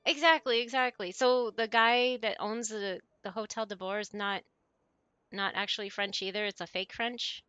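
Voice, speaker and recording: A woman's voice: mid-range voice, fairly even intonation, normal speed, pushed and bright, clean tone, no room sound, dull audio, faint music behind. A woman streaming, chatting casually with her viewers in a rambling way and laughing often.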